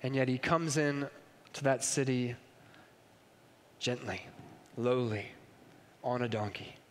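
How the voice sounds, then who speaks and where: A man's voice: medium pitch, slow pace, a bit bright, a little hiss or hum. A man preaching a sermon with emphatic delivery and frequent rhetorical questions. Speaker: pastor. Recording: long reverb in a large hall.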